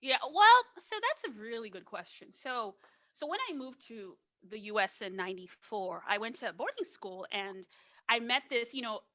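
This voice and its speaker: A woman in her forties from Nigeria, a guest opera singer telling her story in a casual podcast interview, animated and laughing often. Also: a little high, normal speed. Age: 40s. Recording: dull lo-fi recording.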